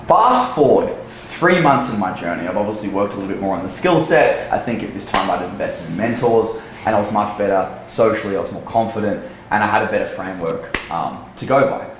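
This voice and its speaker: A man's voice: fairly low pitch, lively intonation, a little fast, background noise. A young man, a dating coach, telling a story casually in a blunt, profane way. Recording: echoey room.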